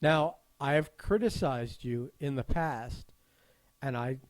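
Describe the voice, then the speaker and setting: A man's voice: mid-range voice, slow pace, no room sound. Teasing man in a dry room. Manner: teasing, needling, profane. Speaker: podcast co-host. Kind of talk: casual chat.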